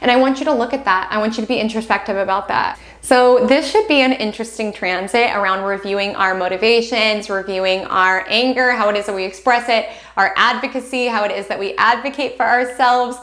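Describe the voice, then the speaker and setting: A young woman with a slightly high voice gives an astrology forecast in a gentle, reassuring, affectionate way. She talks straight to her viewers. The sound is roomy and echoey. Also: a little fast, few pauses. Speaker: astrology channel host. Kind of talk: direct-to-camera astrology forecast.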